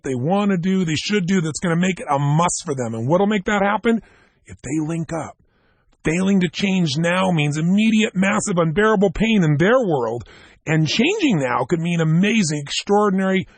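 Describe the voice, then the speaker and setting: A man speaking at a self-help seminar, telling stories emphatically and talking straight to his listeners in a gravelly, husky voice. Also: sits high, dry recording. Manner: emphatic storytelling, direct address to listeners.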